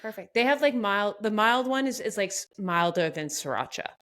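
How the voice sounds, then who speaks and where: Canadian woman cohosting a podcast, quick chatty delivery, laughs a lot. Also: mid-range voice, animated, fairly bright tone. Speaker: podcast co-host. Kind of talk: casual chat.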